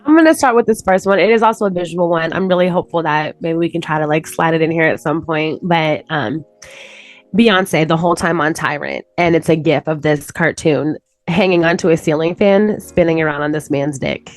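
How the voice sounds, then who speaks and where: A woman with a fairly low voice co-hosts a relaxed podcast conversation. She talks in a chatty, easygoing way and laughs readily. Faint music plays softly behind her. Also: brisk, dry recording. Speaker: podcast co-host. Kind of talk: casual chat.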